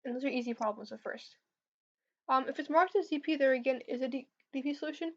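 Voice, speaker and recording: Young woman, high voice, casual livestream coding Q&A, hesitant and filler-heavy, slightly dull lo-fi audio. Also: fast. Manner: hesitant, filler-heavy, answers chat questions. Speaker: competitive programming streamer.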